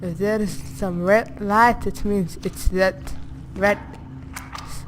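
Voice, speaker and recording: A woman's voice: medium pitch, fairly even intonation, slow pace, a little hiss or hum. A woman playing a horror game, talking to herself in jumpy, reactive commentary. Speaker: gaming channel host.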